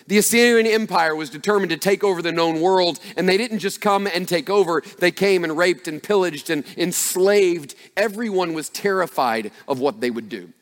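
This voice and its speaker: A male pastor delivering a sermon with a slightly raised voice. His delivery is emphatic and builds up to loud passages. A long reverb hangs on every word, as in a large hall. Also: sits high, normal speed, few pauses.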